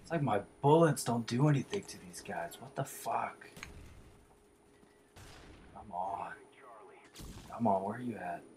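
A man's voice: on the low side, measured pace, pauses often, a little mellow, slight background noise. A man giving live commentary over his own shooter match, swearing often and swinging between muttered whispers and frustrated outbursts. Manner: calls himself the Warlock in the third person. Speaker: gameplay commentator.

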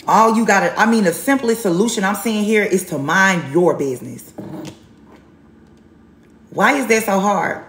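A woman's voice: mid-range voice, normal speed, long pauses, fairly bright tone, echoey room, a little hiss or hum. Blunt, sassy tarot reader woman. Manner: blunt, sassy and emphatic, with repetition. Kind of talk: live tarot reading.

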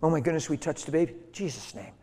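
A man's voice: on the high side, quick pace, warm tone, husky. A man preaching a sermon as a story, emphatic and conversational, acting out the voices of the people in it. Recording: hall reverb.

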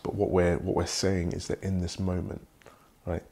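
A young man from Britain, speaking as a guest in a reflective conversation, in a measured, polished and professional way. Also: sits low, little pitch movement, warm tone. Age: young adult.

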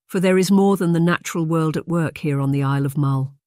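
An audiobook narrator voicing a kindly, mousy middle-aged aunt who speaks in a hushed stage whisper. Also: mid-range voice, fairly quick, clear, resonant tone, no room sound, clean studio sound, close to an everyday voice. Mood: ominous.

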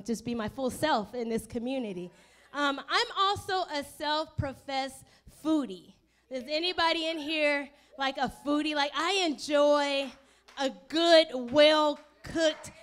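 A woman's voice: high voice, fairly bright tone. A woman pastor with an African-American accent preaching a humorous, chatty sermon in a church, joking with the congregation. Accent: African-American English. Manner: playful, chatty with the congregation, acts out inner voices. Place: church sanctuary.

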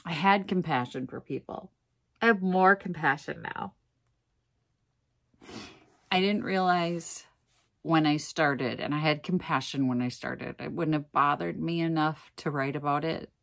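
A woman's voice: deep voice, moderate pace, creaky. A woman vlogger talking earnestly and wearily to camera, exhausted and close to tears at times. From Minnesota, USA. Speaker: thrift reseller vlogger. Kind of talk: casual emotional talk to camera.

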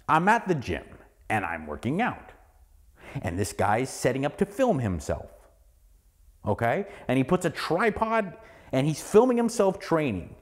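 A man's voice: on the high side, sing-song, moderate pace. A man in his forties hosting a solo podcast, ranting heatedly with lots of swearing and repeated words. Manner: heated, profane, repeats words when worked up. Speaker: podcast host.

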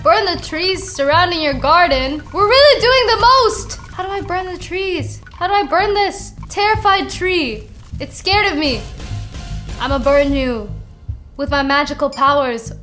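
A young woman hosting a gaming channel, giving excitable, exclamatory commentary and often giggling. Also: high voice.

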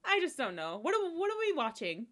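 A woman's voice: sits high, wildly swooping pitch, a little fast, a bit bright. A young woman hosting a video reaction, hyper and gushing, swearing and shrieking as she comments. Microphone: headphones on while recording.

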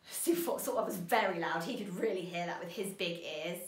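A woman teaching a children's phonics lesson, animated and encouraging, stretching out sounds slowly. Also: lowish voice, roomy sound.

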